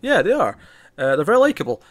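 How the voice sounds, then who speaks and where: A man co-hosting a casual TV review, recapping scenes in an animated way and often repeating words as he restarts. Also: a little high, quick pace, dry recording. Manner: animated recapping, acts out characters' lines. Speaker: podcast co-host reviewing TV.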